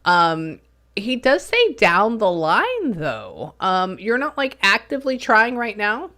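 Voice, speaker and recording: A woman's voice: medium pitch, wildly swooping pitch, slow, pushed and bright. A woman working as a spiritual medium, talking in a chatty, rambling way full of fillers during a casual reading session.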